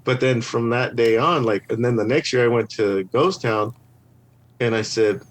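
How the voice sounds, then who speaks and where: A man telling stories as a podcast guest in casual chat, animated and rambling, with lots of "like" and restarts. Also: medium pitch, normal speed. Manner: rambling, animated, heavy use of "like". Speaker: podcast guest, scare actor. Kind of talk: casual storytelling.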